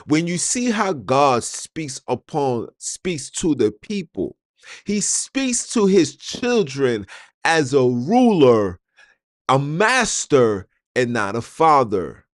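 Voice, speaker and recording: A podcast host with a mid-range male voice delivers an argumentative monologue, firing rhetorical questions straight at his listeners. The recording is dry with clean studio sound.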